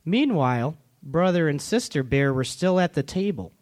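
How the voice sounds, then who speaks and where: A man, a comedian, reading a comic story in a deadpan storybook manner at a comedy club. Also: on the high side, normal speed.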